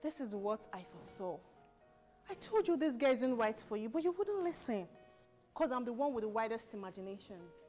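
A woman's voice: a little high, big pitch swings, moderate pace, darkish tone, faint music behind. A woman playing a scolding, protective sister. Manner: confrontational, scolding. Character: protective woman scolding over her brother.

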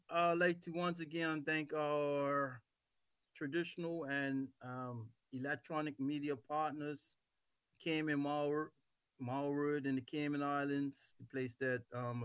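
A man hosting a radio talk show, relaxed and teasing as he wraps up the show. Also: a little high, unhurried, clear, resonant tone, no echo. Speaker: host.

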